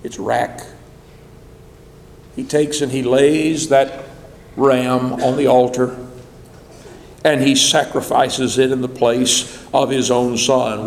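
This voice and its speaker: A man's voice: mid-range voice, slight background noise. A man preaching a sermon, telling a story dramatically with swelling emphasis. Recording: echoey hall.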